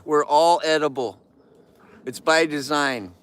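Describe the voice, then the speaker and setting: A man's voice: a little high, slow, fairly bright tone, clear, resonant tone. Joking man livestreaming from his yard. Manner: joking, playful, chatty with viewers. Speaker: livestream host. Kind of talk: casual live chat to viewers.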